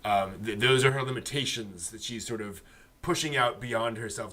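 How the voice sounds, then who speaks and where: A man co-hosting an anime discussion show, talking through scenes thoughtfully with lots of ums and pauses. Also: on the low side, bright, forceful tone. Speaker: podcast co-host. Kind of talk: casual analytical discussion.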